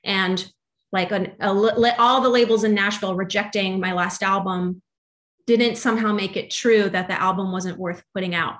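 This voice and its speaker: A woman's voice: medium pitch, moderate pace. A young adult woman, a musician guest, talking through faith and doubt in a loose, rambling way full of fillers. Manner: rambling, filler-heavy, animated. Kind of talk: casual faith conversation.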